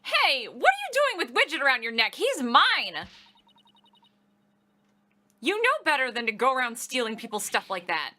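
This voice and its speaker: A woman's voice: sits high, huge pitch swings, moderate pace, hardly any pauses, sharp tone, pitched above the performer's own voice, exaggerated voice. A woman voicing a bossy young woman lawyer who scolds indignantly. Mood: scolding.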